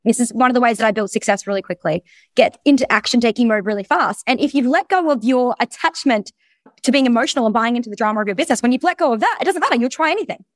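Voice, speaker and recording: Woman coach, high voice, rapid-fire, blunt and sweary, dry close sound. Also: no room sound. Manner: energetic, blunt, swears freely. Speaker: business coach. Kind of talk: recorded presentation.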